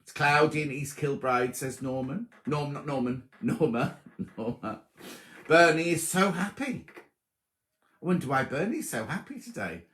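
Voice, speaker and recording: A man's voice: on the high side, animated, unhurried, fairly bright tone. A man hosting a sewing livestream, chatting casually and teasing as he greets viewers by name. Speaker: sewing show host. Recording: roomy echo.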